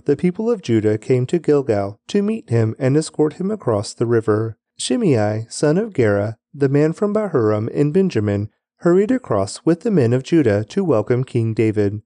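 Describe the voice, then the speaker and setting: A man reads scripture aloud at a measured, even pace, close to the mic. His voice is warm and mellow, and the dry room adds almost no echo. The reading is steady and unhurried throughout. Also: mid-range voice. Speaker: scripture reader.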